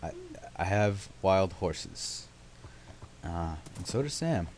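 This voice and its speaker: A man's voice: low-pitched, expressive, takes it slowly, darkish tone, a little hiss or hum. A young man casually narrating his gameplay, rambling with sarcastic, self-mocking asides. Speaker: let's play host.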